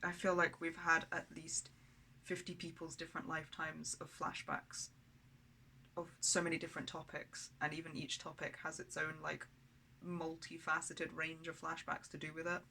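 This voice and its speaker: A woman's voice: low-pitched, flat delivery, moderate pace, creaky, pushed and bright, a little hiss or hum, poor audio. A woman talking candidly in a personal video diary, blunt and rambling, with frequent swearing. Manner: rambling, with many fillers and restarts. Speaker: vlogger.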